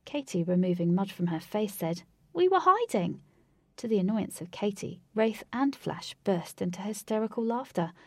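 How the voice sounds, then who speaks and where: A woman narrating a storybook in a steady, descriptive reading. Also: mid-range voice, moderate pace, few pauses, no echo.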